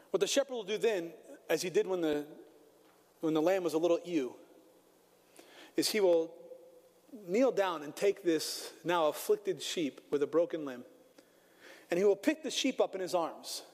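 A man's voice: high-pitched, darkish tone. A male pastor in his thirties preaching a sermon, telling stories with playful asides to the congregation. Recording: long hall reverb with music behind.

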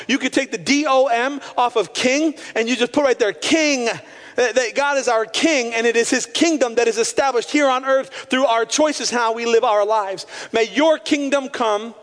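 Guy pastor with a really high voice, preaching hard, big hall echo. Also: a bit bright. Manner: impassioned preaching, slowing to stress key phrases. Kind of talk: sermon. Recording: long hall reverb.

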